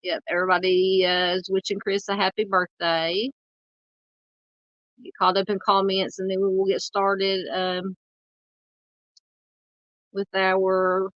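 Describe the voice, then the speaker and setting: A woman in her forties with a Southern US accent, hosting a true crime livestream and chatting loosely with viewers, halting and full of fillers. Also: medium pitch, fairly even intonation, a bit bright, no echo, highs cut off. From United States. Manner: rambling, halting, lots of fillers while searching the screen. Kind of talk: casual livestream chat reading comments.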